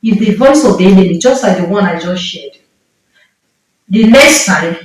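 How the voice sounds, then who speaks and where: A woman's voice: medium pitch, expressive, moderate pace. A woman with a Nigerian accent preaching a sermon with impassioned, emphatic delivery and repeated phrases. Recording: echoey room, mic far off.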